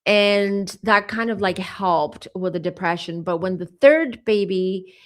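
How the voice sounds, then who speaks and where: A woman's voice: medium pitch, a little slow. A woman giving a psychic tarot reading to camera, speaking conversationally with many asides, and saying openly that she is getting emotional. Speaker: tarot reader.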